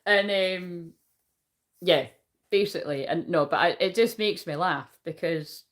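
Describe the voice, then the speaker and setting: A woman's voice: lowish voice, measured pace. Rambling, sweary woman reading tarot. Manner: rambling, swears freely, laughs often. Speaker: tarot reader. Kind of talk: casual live tarot reading.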